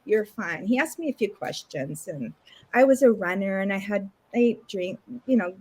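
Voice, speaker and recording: A middle-aged woman from Canada, telling a personal story in a casual, animated way as an interview guest. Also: medium pitch, moderate pace, husky. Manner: animated retelling with lots of acted quotes.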